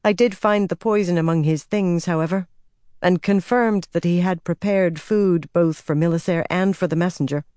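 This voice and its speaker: A woman narrator doing a sharp-tongued young healer from an audiobook. She talks briskly and with some strain, pitched above the narration. The sound is dry and close. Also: dry recording, natural voice.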